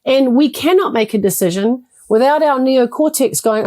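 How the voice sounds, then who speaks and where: Middle-aged woman, warm mellow tone, expressive coach-type guest who acts out little quotes. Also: a little high, moderate pace, few pauses. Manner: animated, acts out quoted thoughts in a bright voice. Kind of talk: interview conversation.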